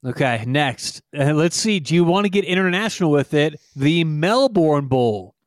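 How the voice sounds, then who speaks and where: A playful man running a segment on a casual sports podcast from a remote home mic. His voice sits somewhat high for a man, and the sound is dry and close. He teases his co-host and pitches silly ideas with a grin in his voice. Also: expressive, normal speed, dry recording. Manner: playful, jokey, leads the questions. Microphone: remote call, home microphone.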